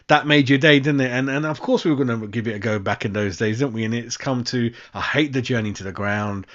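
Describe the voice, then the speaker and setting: London bloke ranting on a fan stream, swears a lot, says mate every line, kinda muffled lo-fi sound. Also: male voice, mid-range voice, fairly quick, fairly bright tone. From West London. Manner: sweary, exasperated, keeps saying "mate". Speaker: fan channel host. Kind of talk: casual live-stream rant.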